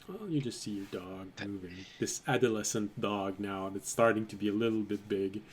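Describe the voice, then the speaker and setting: A man narrating as game master of a tabletop game, relaxed and laughing often. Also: fairly low pitch, normal speed, slight background noise.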